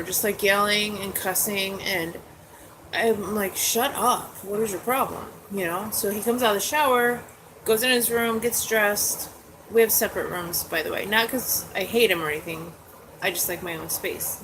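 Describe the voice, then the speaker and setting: A middle-aged woman vlogs from her bedroom, telling a story in an upset, rambling way with plenty of fillers. She sounds close to tears the whole time. Her voice sits at an ordinary middle pitch, and steady background noise runs under it. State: holding back tears. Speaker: vlogger. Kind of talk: casual personal storytelling vlog.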